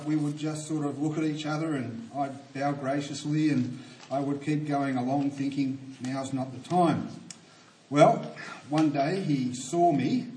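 Older preacher, echoey and distant. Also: male voice, on the high side, dark tone, slight background noise. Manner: earnest, emphatic storytelling with rising intensity. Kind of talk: sermon with opening prayer. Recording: roomy echo from a distant mic.

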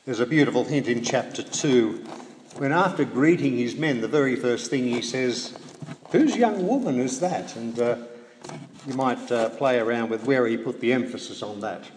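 A man preaching a sermon in a measured way, with rhetorical questions and dry humorous asides. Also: medium pitch, fairly even intonation. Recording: echoey hall, faint background noise.

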